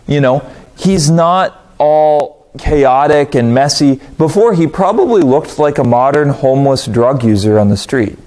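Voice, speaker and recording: Man, Bible study leader, slightly high voice, very lively intonation, chatty teaching with rhetorical questions. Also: a little slow. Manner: conversational, animated, voices quoted reactions with pitch jumps; asks the audience rhetorical questions.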